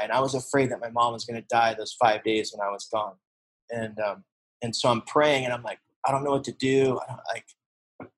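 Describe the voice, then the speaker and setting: A man in his forties speaks earnestly in a personal testimony, his voice at an average pitch for a man. He tells the story in an open, conversational way and drops to a hushed tone at the emotional moments. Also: poor audio. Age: 40s. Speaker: recovery speaker.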